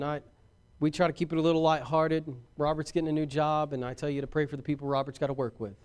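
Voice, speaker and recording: A man preaching a sermon as pastor, swinging from shouted points to hushed asides and talking directly to his congregation. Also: fairly high pitch, clear, resonant tone.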